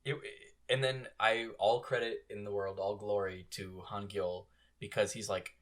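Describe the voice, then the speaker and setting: A man's voice: lowish voice, steady tone, measured pace, a bit bright. A man co-hosting a podcast, recapping a drama in casual chat with wry, sarcastic asides. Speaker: podcast co-host.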